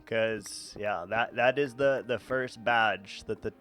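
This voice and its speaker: A man's voice: on the low side, slow pace, fairly bright tone, faint music behind. A young man streaming a game, chatting casually to his chat in a rambling, joking, self-mocking way with frequent chuckles.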